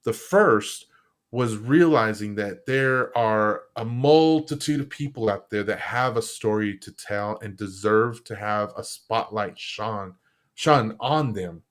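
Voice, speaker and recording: A man, a guest on a live stream show, chatting casually and acting out the quotes in his stories. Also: slow pace. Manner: animated storyteller, acts out quotes with big pitch jumps. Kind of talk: casual interview chat. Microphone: live stream setup.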